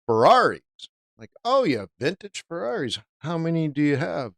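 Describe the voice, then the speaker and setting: A man's voice: a little high, very animated, normal speed, creaky, a bit bright, no echo. A middle-aged man hosting a trading livestream, telling a long story in a laid-back, rambling way with lots of "dude" and "right?". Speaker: forex trading livestream host.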